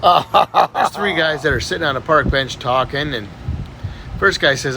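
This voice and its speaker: Man, joke teller, lively intonation, slightly high voice, faint vehicle noise behind. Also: normal speed, vocal fry. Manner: animated, voices the characters. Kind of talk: casual joke telling.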